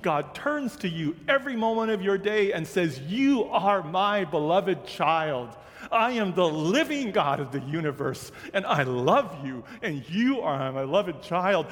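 A man, a pastor, preaching a sermon with slow, emphatic repetition. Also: high-pitched. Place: church sanctuary. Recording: church hall reverb.

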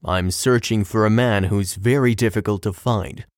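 A baritone barkeep with a low, measured way of speaking, like an old friend confiding over a drink, as a male storyteller puts him on. The voice sits a little lower than the narrator's own and sounds close and dry, with no room around it. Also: no echo, close to an everyday voice.

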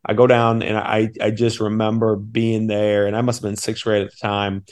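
A man's voice: lowish voice, completely flat delivery, normal speed, a little mellow. A man in his thirties from Maine, an assistant basketball coach telling an eager, rambling story on a podcast. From Maine, USA. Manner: eager, rambling, many restarts.

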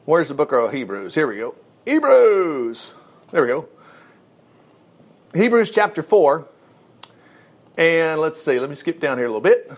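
A man giving an informal Bible lesson, reading verses aloud and commenting on them in a folksy, animated way. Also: on the high side, moderate pace, long pauses. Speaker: Bible teacher.

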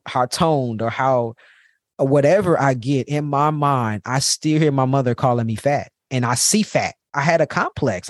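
A man's voice: mid-range voice, no echo, clean studio sound. Candid man telling a heartfelt story. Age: adult parent. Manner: candid and heartfelt, repeats words for emphasis. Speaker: podcast host. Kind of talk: personal storytelling monologue.

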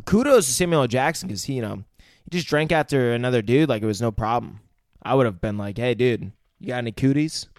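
A man's voice: medium pitch, expressive, quick pace, no room sound. Casual, rambling podcast guy. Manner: rambling, swears often, hesitant restarts. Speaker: podcast co-host. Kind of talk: casual chat recapping a film.

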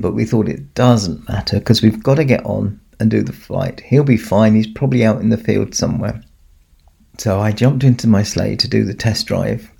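A man's voice: mid-range voice, gravelly, slightly rough. A man, speaking as Santa and chuckling as he tells a children's story. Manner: chuckling, warm storybook telling to kids.

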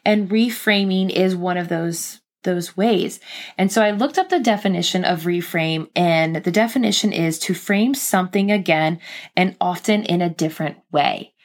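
A woman's voice: fairly low pitch, normal speed. A young woman, pregnant, talking casually and earnestly as a podcast host, with lots of filler words. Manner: chatty, earnest, many fillers. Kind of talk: casual personal talk.

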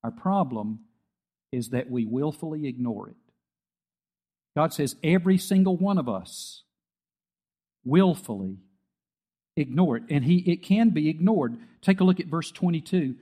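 A man's voice: fairly high pitch, lively intonation, measured pace, long pauses, mellow. A middle-aged man preaching a sermon as pastor, telling stories with acted-out quotes and emphatic peaks.

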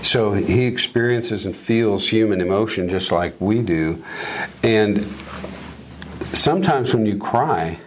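A man's voice: fairly low pitch, lively intonation, slow, slight background noise. A man co-hosting a casual Bible discussion podcast, speaking in a reflective, conversational way with some jokes. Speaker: podcast co-host.

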